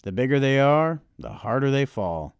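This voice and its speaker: A man voicing a kindly, proud old grandfather in an audiobook reading, talking in a booming, hearty, encouraging way. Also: animated, moderate pace, gravelly, smooth, no room sound, clean studio sound.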